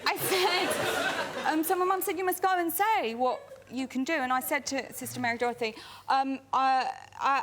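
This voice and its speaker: A woman's voice: high voice, normal speed, heavy background noise. A woman telling a funny anecdote as a chat show guest, laughing as she goes. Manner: animated storytelling with laughter. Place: TV studio with live audience. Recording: loud studio audience laughter.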